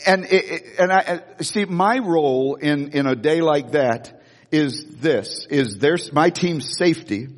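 A man preaching in a church sanctuary, telling a story with animated energy, stumbling over restarts and acting out the voices of others. His voice sits a little high for a man, and a long hall reverb trails behind every phrase. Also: unhurried. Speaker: pastor. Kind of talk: sermon with storytelling.

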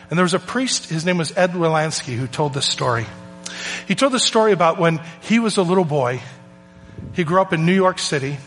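A man preaching a sermon, telling stories in an earnest, emphatic way with pauses. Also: fairly high pitch, fairly bright tone. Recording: long hall reverb with faint music.

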